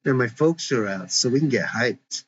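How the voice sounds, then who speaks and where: A man's voice: medium pitch, lively intonation, moderate pace, fairly bright tone, a little hiss or hum, close to an everyday voice. A man voicing a laid-back, protective teenage boy who talks casually and reassuringly, in a dull lo-fi recording. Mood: easygoing.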